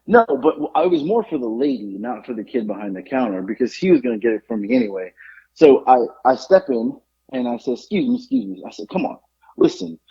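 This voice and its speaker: This podcast co-host has a medium-pitched, slightly rough voice and a brisk delivery, captured in lo-fi sound. Chatting casually, he tells an animated story and acts out the people in it.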